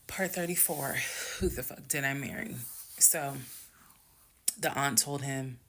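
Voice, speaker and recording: Woman, gravelly voice, casual storytime, emphatic, bursts of speed. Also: very deep voice, lively intonation. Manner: emphatic, swings loud and fast when heated; addresses viewers as "y'all". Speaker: storyteller recounting her marriage.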